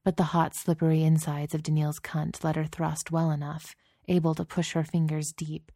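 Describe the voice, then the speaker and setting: A woman narrating a scripted story in a steady, intimate reading voice, close to the mic. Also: sits low, moderate pace, no echo.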